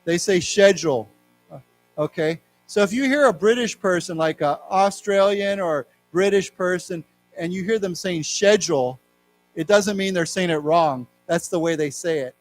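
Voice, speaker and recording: A middle-aged man with an American accent teaching an English lesson, explaining words and reading news aloud slowly. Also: high-pitched, soft background music, low-quality recording. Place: library lecture room.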